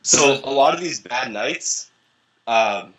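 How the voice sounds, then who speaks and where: A young man with a bright, forceful voice, talking as an interview guest. He tells his stories casually and with energy, swearing freely and playing out the voices of the people in them. His pitch sits in the middle range. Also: takes it slowly, slight background noise, rough recording. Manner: animated, profane, acts out quoted voices. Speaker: interview guest, dating coach. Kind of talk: casual storytelling.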